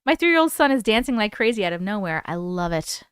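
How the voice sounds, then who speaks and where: A woman's voice: medium pitch, very animated, a little fast, a bit bright, clear, resonant tone, no room sound, studio quality. A woman in her thirties hosting a livestream, chatting playfully with viewers and reading their stories aloud. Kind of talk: casual live chat and story reading.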